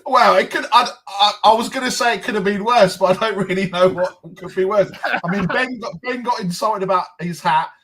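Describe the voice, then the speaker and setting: A man with a slightly high voice ribs his co-hosts in relaxed podcast chat. He eggs the others on with playful jabs. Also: brisk, few pauses, background noise. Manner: teasing, prods others to speak. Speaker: podcast co-host. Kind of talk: casual banter.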